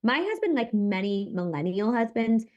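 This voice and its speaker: Woman, 30s, podcast guest; animated, emphatic storyteller who acts out quotes. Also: a little high, moderate pace, highs cut off. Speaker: podcast guest, content creator. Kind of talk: personal storytelling in conversation.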